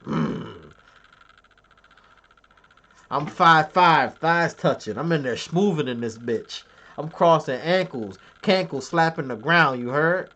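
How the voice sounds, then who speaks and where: A man's voice: fairly high pitch, lively intonation, slow, bright, forceful tone, muffled recording. Joking, boastful man streaming to chat. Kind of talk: casual live-stream chat.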